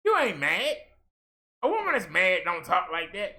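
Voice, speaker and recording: Bright-voiced man ranting in commentary. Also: sits high, huge pitch swings, moderate pace. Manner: exasperated, scolding, mocks others in put-on voices. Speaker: commentary vlogger.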